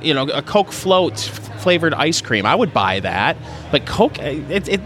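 A man's voice: medium pitch, lively intonation, moderate pace, a bit bright. A man co-hosting a podcast in casual chat, hesitant and full of fillers.

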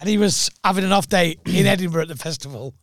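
Comic guest, fairly high voice, dry close sound, telling jokey stories. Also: male voice, fast, no echo. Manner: joking, chatty anecdotes. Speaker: guest comedian, former radio DJ. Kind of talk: casual chat.

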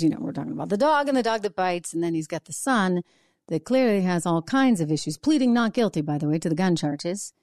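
A woman's voice: on the low side, mellow, dry recording, studio quality. A middle-aged woman hosting an opinion show, delivering a sarcastic, indignant monologue full of rhetorical questions. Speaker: show host.

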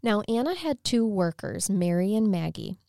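A woman telling a true crime story in a relaxed, chatty way, full of wry asides. Her voice sits in a middle range. The sound is dry and close to the mic. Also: medium pitch, normal speed, vocal fry, no room sound. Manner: animated, wry, retells case with asides. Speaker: true crime podcast host. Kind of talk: casual storytelling chat.

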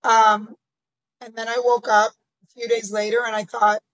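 A woman guest on a podcast tells her own story in conversation. Her voice sits high, and she talks candidly and reflectively about what happened. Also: flat delivery, normal speed, a bit bright, poor audio. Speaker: interview guest.

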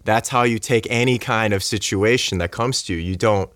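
A man's voice: on the low side, moderate pace, no room sound, clean studio sound. A man chatting as a podcast guest, telling a story with lots of fillers and acting out what people said to him. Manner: animated, acts out quoted dialogue; many fillers like "like" and "you know". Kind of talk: casual storytelling chat.

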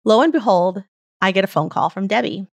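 Earnest woman with a gravelly edge. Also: medium pitch, animated, a little fast, no echo. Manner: earnest, heartfelt, tells stories at length. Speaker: podcast host. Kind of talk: reflective personal storytelling.

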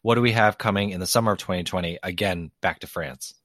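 A man co-hosts a podcast in a relaxed, conversational way, steering the talk to each next topic. His voice is low for a man. The recording is dry and close, with no room sound. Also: quick pace, no echo. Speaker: podcast co-host. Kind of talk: casual chat.

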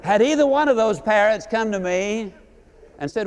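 A man giving a live motivational speech, folksy and animated, acting out quotes as he tells stories. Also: sits high, moderate pace, clear, resonant tone. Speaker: motivational speaker.

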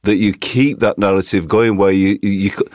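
A man with a low voice speaks thoughtfully and articulately, laying out his ideas at a measured pace. He is recorded dry and close to the mic. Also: level tone, a little mellow, no room sound. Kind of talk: casual conversation.

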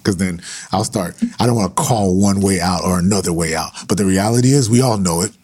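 A man preaching fervently in a husky, breathy voice, hammering each point by saying it again and again. He talks directly to his listeners as he goes, in a live-streamed style of preaching. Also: deep voice, a little fast, a little mellow. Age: adult with sons. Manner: fervent, repeating phrases for emphasis. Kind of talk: impassioned preaching on a livestream.

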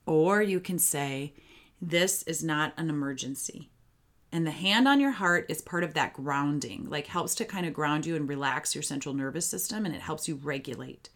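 A woman with a low voice hosts a parenting podcast alone. She is chatty and upbeat and speaks straight to her listeners as she gives advice. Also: normal speed, fairly bright tone.

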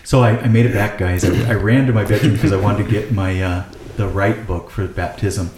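A man's voice: lowish voice, fairly even intonation, brisk, echoey room, background noise. A man hosting a casual faith podcast, earnestly asking his co-hosts questions. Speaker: podcast host leading discussion. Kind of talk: casual discussion.

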